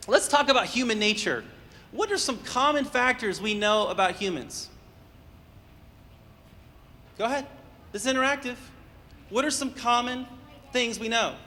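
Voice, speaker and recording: A man with a high voice counsels parents in a live workshop, telling anecdotes and acting out the voices in them as he goes. He keeps checking in with the audience and asking them questions. His voice rings with long reverb in a hall, with faint room noise underneath. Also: animated, normal speed, long pauses, bright, forceful tone. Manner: storytelling, acts out quoted voices, asks the audience questions. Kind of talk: interactive talk to an audience.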